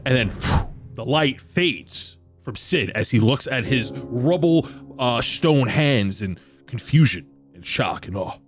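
A man acting as dungeon master, narrating a tabletop game and chatting with players in an animated storytelling manner. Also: medium pitch, takes it slowly, faint music behind. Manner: animated storyteller, laughs easily.

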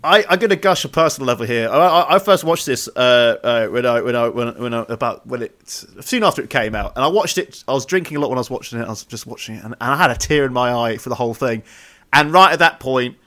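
A man's voice: mid-range voice, lively intonation, quick pace, fairly bright tone. A man co-hosting a casual film podcast, talking with eager enthusiasm and frequent restarts. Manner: enthusiastic, gushing, stumbles and restarts. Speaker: podcast co-host.

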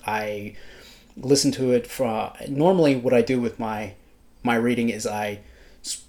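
A man's voice: medium pitch, fairly even intonation, measured pace, a little mellow. A man with a nasal voice, co-hosting a casual book podcast, talking with frequent fillers and restarts. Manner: hesitant, many fillers and restarts. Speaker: podcast co-host, book blogger.

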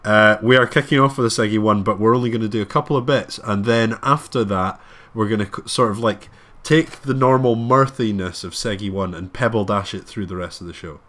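A man co-hosting a podcast, with a low voice and a loose, rambling delivery. He jokes around and often restarts his sentences as he chats. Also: a little fast, hardly any pauses, fairly bright tone. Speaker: podcast co-host. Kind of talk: casual podcast chat.

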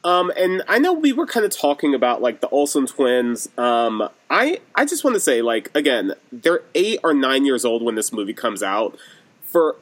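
Lively man reviewing a movie. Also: medium pitch, normal speed. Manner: animated, frequent "like" and "um" fillers. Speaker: podcast co-host. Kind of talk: casual movie review chat.

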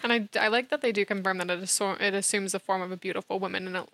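Podcast lady, gravelly fry, bright sharp tone, dry close sound. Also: medium pitch, fairly even intonation, no room sound. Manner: laughs a lot, quick agreeing reactions. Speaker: podcast co-host. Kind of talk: casual podcast chat.

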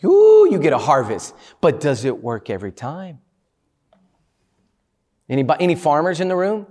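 A man giving a motivational talk to a live audience, energetic and playful, often asking the crowd questions. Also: fairly high pitch, moderate pace. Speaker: motivational speaker.

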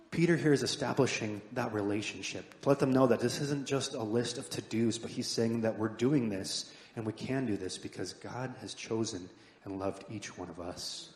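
A man's voice: mid-range voice, slight background noise. Earnest preacher man in an echoey hall. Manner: earnest, builds up then drops to soft emphatic endings. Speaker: pastor. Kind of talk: sermon. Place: church sanctuary. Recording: echoey hall with long reverb.

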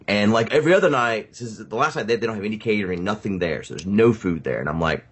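A man hosting a casual podcast, telling a story with lots of swearing and acting out his own lines loudly. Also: on the low side, fast talker, husky. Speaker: podcast host.

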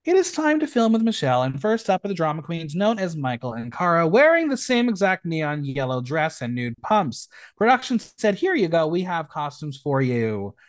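A man's voice: on the high side, normal speed, hardly any pauses. A man hosting a podcast, recapping a reality show in a gossipy, campy way. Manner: animated, gossipy, campy asides. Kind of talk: casual chat.

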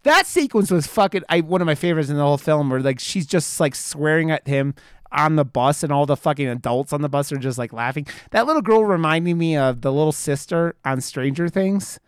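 A man's voice: a little high, animated, fairly quick, clean tone, no room sound, studio quality. A man in his thirties chatting casually, rambling with lots of fillers and frequent swearing. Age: 30s. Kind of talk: casual chat.

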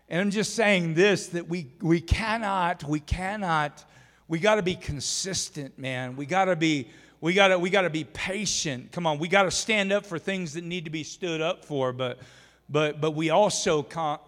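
A man preaching a sermon as pastor, animated and exhorting, acting out everyday scenes. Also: fairly high pitch, moderate pace. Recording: long hall reverb.

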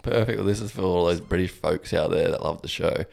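A man co-hosting a comedy podcast and running a quiz segment, deadpan and hesitant. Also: low-pitched, brisk, vocal fry.

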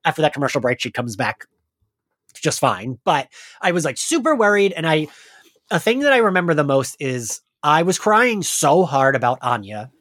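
A man in his thirties hosting a podcast, telling stories in an animated, chatty way, still a little congested from crying. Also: a little high, normal speed, no echo, studio quality. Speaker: podcast host. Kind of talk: casual chat.

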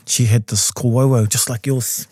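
Storytelling New Zealand man, warm dark voice. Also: measured pace, breathy edge, dry recording, clean studio sound. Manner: lively storyteller who jumps into high voices for quotes. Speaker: guest, composer and taonga pūoro player. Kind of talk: storytelling in a podcast interview. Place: studio.

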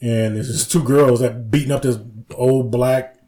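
A man's voice: medium pitch, steady tone, a little slow, dark tone. A man co-hosting a casual podcast, who retells comedy sketches with acted-out lines, laughs often and swears freely. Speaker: podcast co-host. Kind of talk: casual chat.

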